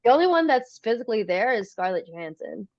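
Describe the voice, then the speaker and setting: A woman's voice: fairly high pitch, sing-song, quick pace, no echo, lo-fi sound. A woman chatting casually as a podcast guest, rambling with many likes and restarts. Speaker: guest, film fan who acts.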